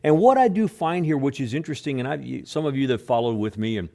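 Preaching quickly and expressively with some vocal fry, this pastor alternates booming emphasis with hushed, low remarks. He frequently repeats words and voices quoted speech in a soft, acted-out way.

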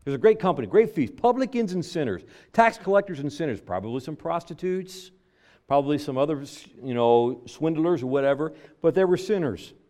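A man's voice: on the high side, expressive, fairly quick, darkish tone. A man preaching a sermon, driving points home by repeating phrases. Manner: emphatic preaching with stacked repetitions.

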